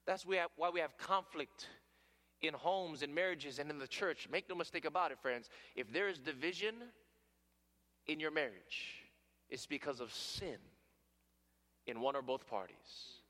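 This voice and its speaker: Bright-voiced preacher man in a reverberant hall. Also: a little high, moderate pace. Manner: swings between loud emphatic peaks and hushed near-whispers; calls the listeners "friends". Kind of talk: sermon.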